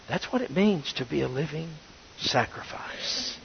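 Male preacher, fairly high-pitched, muffled sound in a reverberant sanctuary. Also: expressive, measured pace, vocal fry, slight background noise. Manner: preaching with sudden swings between loud and hushed. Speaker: pastor. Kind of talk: sermon. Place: church sanctuary. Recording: dull, reverberant sanctuary audio.

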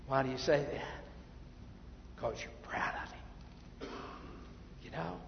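A male pastor preaching a sermon, emphatic, then dropping to quiet asides. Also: on the high side, a little slow, creaky, long pauses, slight background noise. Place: church sanctuary. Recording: muffled, echoey church hall.

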